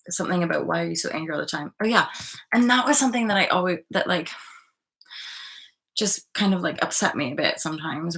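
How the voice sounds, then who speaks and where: A woman's voice: lowish voice, gravelly, a bit bright. A woman hosting a live online stream, talking passionately in a rambling way, swearing and reading out viewer comments.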